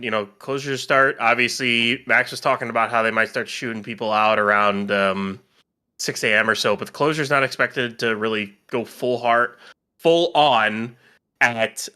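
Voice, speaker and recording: Bright-toned rambling male co-host. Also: mid-range voice. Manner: relaxed, rambling, many fillers. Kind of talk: casual livestream commentary.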